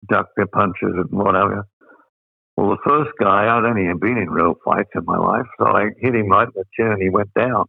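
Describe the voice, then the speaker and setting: An older man with an Australian accent, telling stories as an interview guest, rambling with many pauses and fillers. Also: fairly low pitch, vocal fry, dry recording. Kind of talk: anecdotal storytelling. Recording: dry, phone-like sound.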